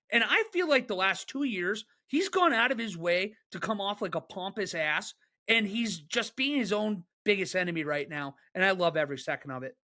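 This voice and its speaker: Male podcast co-host, bright and sharp-toned, excitable and quick to rant. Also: high-pitched. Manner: excitable, joking, fast rants. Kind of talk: casual sports chat.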